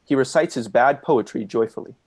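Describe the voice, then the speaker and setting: Brief: man, mid-pitch, flat announcing of scene directions, video call. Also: fairly quick, breathy edge. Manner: plain, even announcing. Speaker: stage direction reader. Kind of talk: reading stage directions.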